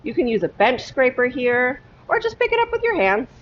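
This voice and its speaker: A woman's voice: sits high, sing-song, a little fast, highs cut off, a little hiss or hum. A woman teaching a cooking lesson in her kitchen, talking step by step and often checking in with "okay?". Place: home kitchen.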